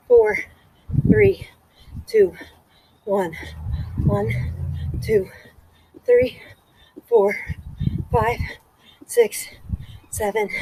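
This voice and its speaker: Breathless woman leading a workout, slow-paced. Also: a little high, vocal fry, no room sound, poor audio. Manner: encouraging, counts reps aloud. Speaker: fitness instructor. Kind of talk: workout instruction with counting.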